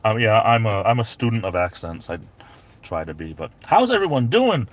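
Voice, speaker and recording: A man's voice: low voice, big pitch swings, fast. Chatty New man streaming from his car. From New England. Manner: chatty, rambling, greets viewers by name. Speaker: live-stream host. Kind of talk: casual live-stream chat. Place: parked SUV.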